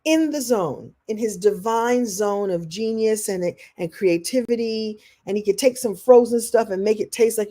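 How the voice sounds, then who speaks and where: A woman leading a live online masterclass as a motivational coach, animated, acting out what people say and answering viewer comments. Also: medium pitch, moderate pace, hardly any pauses. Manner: animated, acts out quoted voices.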